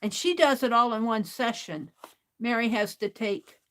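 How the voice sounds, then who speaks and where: A woman's voice: a little high, animated, normal speed, slight background noise. A middle-aged woman chatting casually to herself and her viewers as she opens craft mail, often laughing. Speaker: craft livestream host. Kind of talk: casual craft vlog, opening mail on camera.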